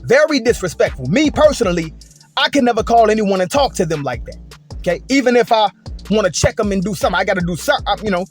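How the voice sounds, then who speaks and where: High-pitched guy ranting about work, lots of "et cetera" and "okay?", soft music underneath. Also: lively intonation, quick pace, breathy edge. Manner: emphatic, repetitive, conversational with frequent "et cetera" and "okay?". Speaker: commentator. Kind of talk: casual storytelling rant.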